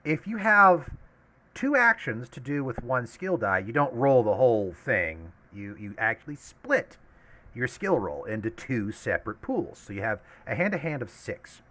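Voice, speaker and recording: Lively, bright-voiced male game master. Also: mid-range voice, a little slow. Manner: lively, laughs often, explains rules. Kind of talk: running a tabletop game session.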